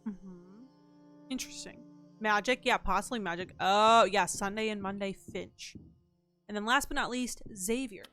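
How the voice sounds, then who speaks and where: A woman's voice: mid-range voice, moderate pace, fairly bright tone, faint music behind. A young woman streaming a mystery game, chatting casually, thinking aloud and thanking her chat.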